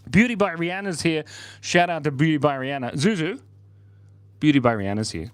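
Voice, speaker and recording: A playful man chatting on a livestream while he draws, reading out viewer messages and cracking jokes. His pitch swings widely from low murmurs to high squeals. The sound is close and dry, with no room echo. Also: animated, brisk. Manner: playful, reads out chat messages, jokes and laughs often. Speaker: livestream host drawing for viewers. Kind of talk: casual livestream chat while drawing.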